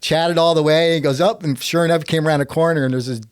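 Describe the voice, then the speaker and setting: Man, podcast guest, animated storytelling, laughs often, slightly high voice. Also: fast talker, clear, resonant tone, no echo. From Texas. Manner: lively, laughs often, breaks off and restarts sentences.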